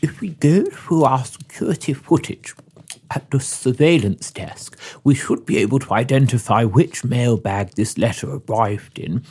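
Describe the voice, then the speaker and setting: A man voicing a male elf helper in whispered role-play, speaking in a hushed, conspiratorial way. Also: mid-range voice, very animated, moderate pace, slightly rough, voice pushed down. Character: Pepper, male elf, earnest and helpful.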